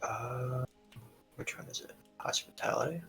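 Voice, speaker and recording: A man's voice: medium pitch, unhurried, creaky, sharp tone, faint music behind, poor audio. A man playing a tabletop game, talking loosely and chatting through his moves. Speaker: player. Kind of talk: casual tabletop game play.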